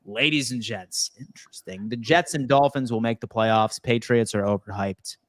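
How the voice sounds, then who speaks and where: A man's voice: mid-range voice, normal speed, no echo. Joking man hosting a podcast. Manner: laid-back, joking, reads chat aloud. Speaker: podcast host. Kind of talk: casual podcast chat.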